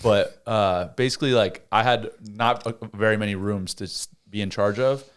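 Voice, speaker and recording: Young man telling an animated story. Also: lowish voice, moderate pace, smooth. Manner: animated storyteller, acts out voices. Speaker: podcast host. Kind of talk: casual chat.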